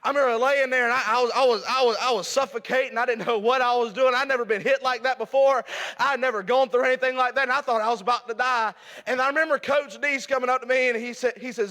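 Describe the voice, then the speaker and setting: A young man preaching a sermon in a church, loud and fervent, stretching words for emphasis and stumbling over restarts. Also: very high voice, fairly even intonation, fast. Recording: long hall reverb.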